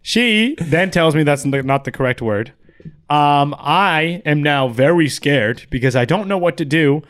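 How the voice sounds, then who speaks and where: A young man casually telling a rambling, profane story in a relaxed podcast chat. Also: fairly high pitch, unhurried.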